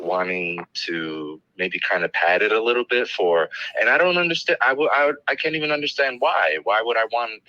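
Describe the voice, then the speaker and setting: Deep-voiced thoughtful male author. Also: sharp tone, no echo, muffled recording. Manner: thoughtful, hesitant, many fillers. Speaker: anthology author guest. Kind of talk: reflective conversation.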